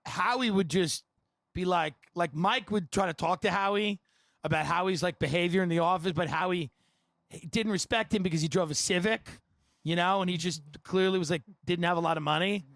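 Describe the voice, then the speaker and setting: A man hosting a podcast, telling comedic stories in an animated, rambling way and laughing between lines. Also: high-pitched, brisk, dry recording. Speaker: podcast host. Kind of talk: comedic storytelling.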